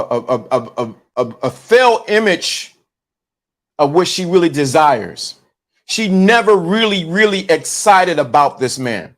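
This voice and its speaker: A man hosting his own channel, giving a preachy live commentary, repeating himself and restarting phrases often as he talks into his phone. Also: high voice. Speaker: channel host. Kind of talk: livestream commentary.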